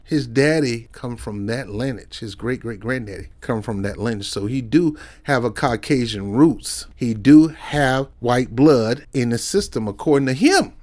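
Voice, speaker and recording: A man with a Southern US accent hosting a casual reaction commentary show, animated and preachy. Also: fairly high pitch. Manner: animated, preachy, sings and mimics.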